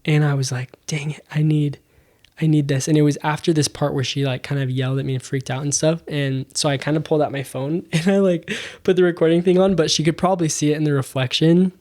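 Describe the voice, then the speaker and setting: A young adult man, a podcast guest, telling a story in a casual, animated way, full of fillers and acted-out dialogue. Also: fairly high pitch, quick pace, hardly any pauses. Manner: animated, acts out quoted dialogue, many fillers.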